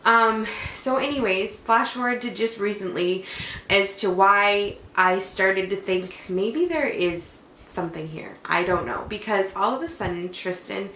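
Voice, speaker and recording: A woman's voice: mid-range voice, fairly bright tone. A young adult woman and mother, chatting casually at home as she rambles through a personal story, full of "like". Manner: chatty, rambling, heavy use of "like". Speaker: mother and vlogger. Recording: echoey room, faint background hum.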